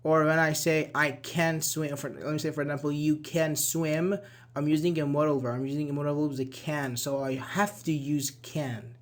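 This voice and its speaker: A man's voice: on the high side, steady tone, a little fast, hardly any pauses. Man teaching an online grammar class. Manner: explains patiently, repeats key words, often says "uh" and "okay".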